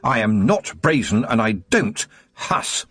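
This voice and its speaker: A man's voice: mid-range voice, sing-song, slow, a bit bright, no echo, heavily acted. A man voicing an earnest young witch girl in an audiobook, speaking with concern.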